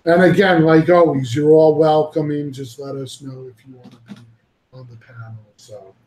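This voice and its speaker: A man's voice: fairly high pitch, steady tone, normal speed, darkish tone, reverberant, poor audio. A man hosting a casual panel chat, rambling and swearing freely as he talks and laughs easily. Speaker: podcast host.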